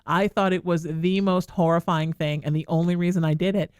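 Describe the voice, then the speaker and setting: A woman talk radio host speaks in a smooth, resonant voice, soothing and affectionate as she comforts a caller. She sounds close to tears throughout. The studio is dry and close. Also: on the low side, steady tone, fairly quick, darkish tone, no echo. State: tearful. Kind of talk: emotional advice to a caller. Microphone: studio microphone.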